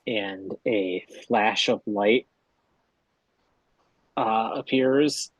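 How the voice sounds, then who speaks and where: A man narrating a tabletop game as game master, slow and hesitant, with many fillers. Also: lowish voice, no room sound, muffled recording.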